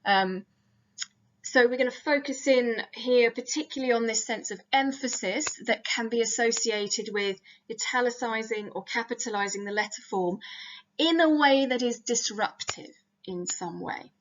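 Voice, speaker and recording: Woman lecturer, fairly high voice, careful and explanatory, slightly muffled recording. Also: normal speed. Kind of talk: recorded academic slide talk.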